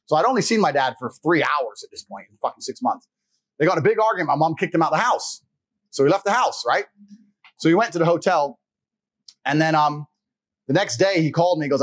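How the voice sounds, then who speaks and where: A man's voice: fairly high pitch, breathy edge, no room sound, poor audio. A man telling a personal story in casual conversation, blunt and profane, acting out the people he quotes. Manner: blunt, profane, animated retelling with voiced quotes. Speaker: guest.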